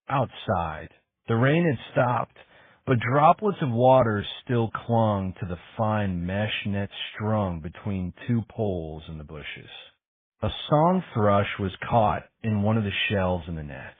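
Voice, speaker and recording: Man, audiobook narration, low voice, lively intonation, husky, tinny phone-like sound. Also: takes it slowly, no echo. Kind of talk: scripted narration.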